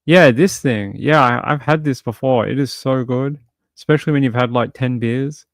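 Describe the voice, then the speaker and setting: A man's voice: mid-range voice, normal speed, no room sound. Chatty male livestream host, dry sound. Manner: chatty and rambling, many fillers and restarts; jokey, playful asides. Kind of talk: casual chat reading viewer comments.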